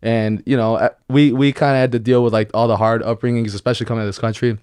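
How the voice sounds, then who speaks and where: A man from Mexico, a podcast guest in a studio, talking in a relaxed, slangy way and laughing easily. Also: mid-range voice, fast talker, clean tone, dry recording. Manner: laid-back, slangy, says bro and like a lot, laughs easily. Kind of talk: casual chat.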